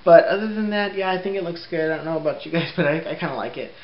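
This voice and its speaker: A young man vlogging at home in a casual, rambling way, laughing often and filling pauses with ums. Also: on the high side. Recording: roomy, dull lo-fi sound with faint hiss.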